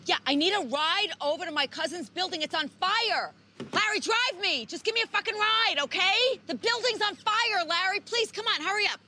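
An actress playing a furious, foul-mouthed mother who yells and swears in a film scene. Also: very high voice, lively intonation, normal speed, hardly any pauses, slight background noise, exaggerated voice. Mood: frantic. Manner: yelling, swearing, frantic. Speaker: film character. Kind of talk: film dialogue.

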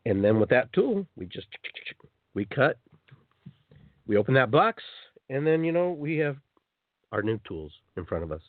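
Lively guy hosting spiritual radio, bounces his pitch around, tinny phone sound, dry. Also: normal speed, long pauses, no echo. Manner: animated, acts out quoted voices. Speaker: radio show host. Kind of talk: spiritual self-help radio monologue.

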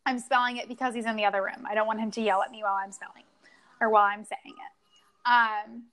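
A young woman co-hosting a podcast, telling lively stories about her toddler and acting out the dialogue. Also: a little high, fast talker. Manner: animated storytelling, acts out dialogue. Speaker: podcast co-host, mother. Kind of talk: casual chat.

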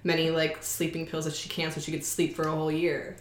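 A woman in her twenties co-hosting a podcast, chatty and quick to giggle. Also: low voice, monotone, echoey room. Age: 20s. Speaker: podcast co-host. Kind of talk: casual chat.

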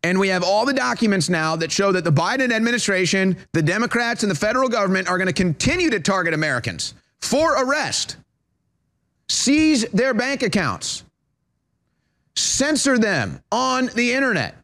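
High-pitched ranting male talk host. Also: sing-song, normal speed, a bit bright. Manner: heated, mocking, repetitive. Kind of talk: political commentary rant.

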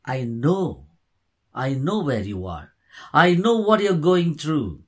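A man's voice: on the high side, sing-song, slow pace, husky, exaggerated voice. A man voicing God as a patient but firm speaker in a sermon, insistent and repetitive. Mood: reassuring.

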